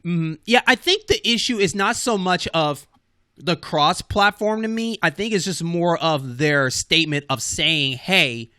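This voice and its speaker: A man with a bright, forceful voice and a fairly high pitch chats loosely through gaming news as a podcast co-host. The sound is dry and close, with no room around it. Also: expressive, measured pace, no room sound. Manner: loose and rambling, full of fillers and restarts. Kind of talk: casual gaming news chat.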